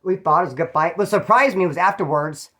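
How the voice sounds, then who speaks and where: This former prisoner speaks to camera in a high, bright, forceful voice at a quick pace. Blunt and full of profanity, he tells casual stories and performs other people's quotes himself.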